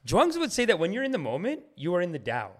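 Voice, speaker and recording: A man talking as a podcast guest in casual chat, rapid and animated, often calling the host "dude". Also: high-pitched, crowd noise.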